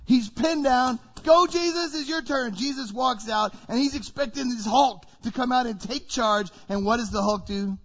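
A man's voice: very high-pitched, moderate pace, hardly any pauses, muffled recording. A man preaching a sermon, vividly acting out biblical figures as he tells the story. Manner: acts out biblical figures with lively quoted voices.

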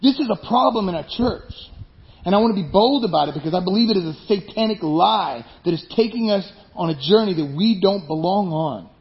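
This is a brisk sermon from a male pastor whose voice sits high and has lively intonation; he stresses his points and addresses the congregation with rhetorical questions. It's captured in dull lo-fi audio.

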